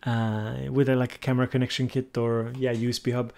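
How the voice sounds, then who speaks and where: A man hosting a relaxed livestream and chatting with viewers. He thinks aloud and sometimes searches for the right English word. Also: mid-range voice, a little fast. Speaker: livestream host. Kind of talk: casual livestream chat, answering viewer comments.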